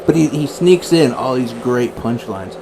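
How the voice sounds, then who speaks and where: A man's voice: mid-range voice, lively intonation, unhurried, dark tone, slight background noise, rough recording. A man co-hosting a casual radio show, rambling and laughing as he talks comedy. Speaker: radio host.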